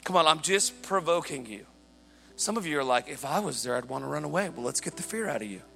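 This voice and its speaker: A man preaching a sermon, telling a story in an animated way and shouting at the high points. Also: quick pace, creaky. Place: church hall. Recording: large hall reverb with faint music.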